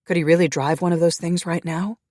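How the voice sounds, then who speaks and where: A man's voice: a little high, fairly even intonation, a little fast, darkish tone, no room sound. Male audiobook narrator with a dry close sound.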